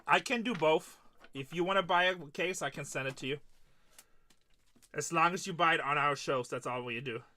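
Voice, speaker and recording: A man's voice: on the high side, moderate pace, pushed and bright, slight background noise. A man hosting a live card-break stream, chatting casually and retelling stories of his conversations with customers.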